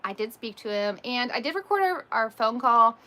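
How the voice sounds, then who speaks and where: A woman's voice: on the high side, animated, normal speed, bright, forceful tone. A woman vlogger and mother chatting casually on a livestream, telling stories with frequent laughs and many ums.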